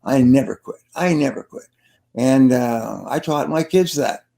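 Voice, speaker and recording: An older man with a gravelly edge, speaking at an ordinary mid-range pitch, appears as an interview guest giving storytelling advice. He earnestly coaches listeners on sales, repeating key phrases for emphasis. He speaks a little slowly with a warm tone.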